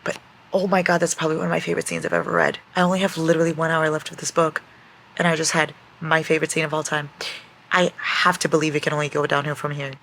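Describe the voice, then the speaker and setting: A young woman talking excitedly in a casual reading vlog, gushing and swearing as she reacts to a book. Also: deep voice, fast talker, creaky. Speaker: book vlogger.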